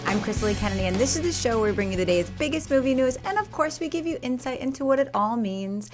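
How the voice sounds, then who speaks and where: A woman's voice: on the high side, lively intonation, fast talker, over music. A woman hosting a movie news show, reading the stories in an upbeat presenting style. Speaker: host.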